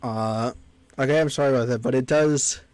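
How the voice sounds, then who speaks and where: A man's voice: medium pitch, fairly quick, a little mellow, dry recording. A man streaming a game, chatting casually and reading the on-screen text aloud. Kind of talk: casual gameplay commentary.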